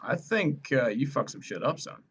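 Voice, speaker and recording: A man's voice: medium pitch, very animated, normal speed, a bit bright, husky. A man co-hosting a podcast in casual chat, laid-back and swearing freely as he jokes. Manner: laid-back, profane joking. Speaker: podcast co-host. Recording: dull lo-fi sound.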